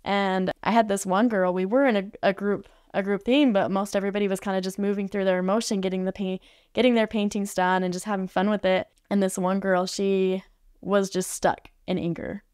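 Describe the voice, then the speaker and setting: A woman guest on a podcast recalls an experience in a relaxed, chatty way, filling her sentences with "like". Her voice is smooth and clear and sits at an ordinary middle pitch. The sound is dry and close, with no room echo. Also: a little fast. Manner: chatty, peppered with "like" fillers. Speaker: podcast guest, art facilitator. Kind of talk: casual storytelling. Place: podcast studio.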